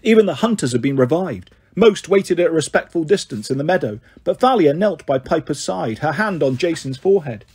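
A man narrating a novel aloud in a steady, expressive reading. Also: a little high, fairly quick, few pauses, slightly rough. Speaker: audiobook reader. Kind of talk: storybook narration.

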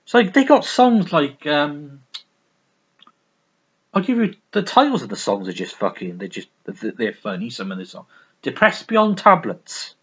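A man's voice: mid-range voice, normal speed, breathy edge, lo-fi sound. A man reviewing records in a casual, rambling, sweary way, full of restarts. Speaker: music vlogger.

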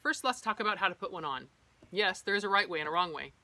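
Bright-voiced woman explaining dog training. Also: lowish voice, lively intonation, quick pace, dry recording. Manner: explanatory, practical, personal asides. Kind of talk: instructional vlog.

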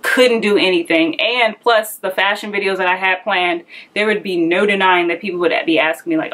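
A woman's voice: lowish voice, moderate pace, fairly bright tone. A young woman telling a personal story in a candid, conversational way, a little out of breath, acting out the voices she quotes. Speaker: vlogger.

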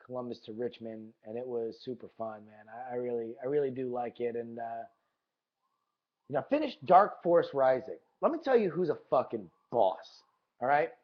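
A man's voice: medium pitch, expressive, moderate pace. A man hosting a podcast in a casual monologue, enthusiastic and profane, often repeating his words. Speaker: podcast host. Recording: dull lo-fi recording.

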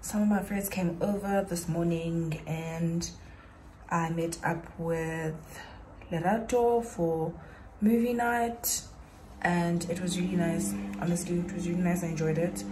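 A young woman chats easily to her phone camera late at night. Her voice sits a little low, and it bounces around a hard room over a steady hiss of background noise. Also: a little slow, echoey room, poor audio. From South Africa. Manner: chatty, relaxed, laughs easily. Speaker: vlogger. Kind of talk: casual vlog chat to camera. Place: at home at night.

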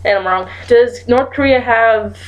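A gaming YouTuber with a slightly high voice talks a little slowly while playing a guessing game. She comments casually, giggling and thinking aloud as she types in her guesses.

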